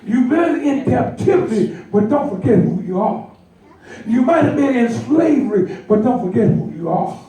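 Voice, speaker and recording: A man preaches with a high, mellow voice, lively and laughing as he acts out the people in his stories. He sounds far from the microphone in a very echoey church hall. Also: normal speed. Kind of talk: sermon. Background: congregation responding.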